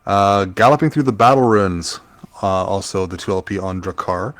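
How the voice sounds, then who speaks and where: A man co-hosting a podcast in casual chat, pausing often with fillers while he recalls names. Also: on the low side. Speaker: podcast co-host.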